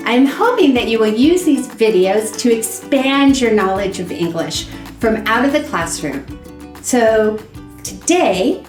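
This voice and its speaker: Slow, lively-voiced woman teaching English. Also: a little high. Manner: patient, drawn-out enunciation, modeling phrases for repetition. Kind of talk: slow, clear instructional video lesson. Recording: echoey room.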